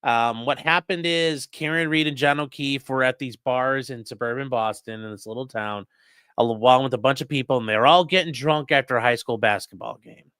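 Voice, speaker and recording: A male host giving livestream commentary in an animated, sarcastic way, reacting to clips and reading chat aloud. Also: medium pitch, moderate pace, smooth, no room sound, studio quality.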